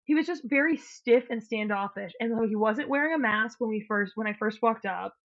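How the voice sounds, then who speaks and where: Woman, podcast co-host, animated dating story, casual chat, muffled lo-fi recording. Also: on the high side, a little fast. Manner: animated storyteller, acts out quotes, swears. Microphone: podcast mic, remote call. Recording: muffled lo-fi sound.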